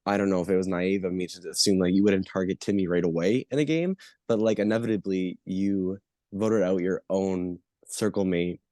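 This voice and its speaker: A man with a cold speaks in a very low, mellow voice. He sounds slightly winded and earnest as he questions a finalist from the jury. The sound is close and dry. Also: steady tone, normal speed, no echo. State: sick, coughing. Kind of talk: casual online call.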